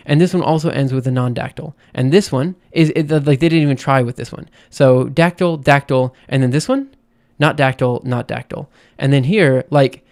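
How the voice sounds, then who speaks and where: A man streaming, casually explaining things as he thinks aloud, hesitant and full of restarts. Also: mid-range voice. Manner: hesitant, many fillers and restarts while explaining.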